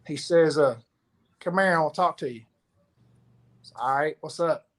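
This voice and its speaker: In a relaxed chat, a man who fishes professionally spins an animated tale as a guest, performing each line of dialogue himself. He speaks a little slowly in a fairly high-pitched voice.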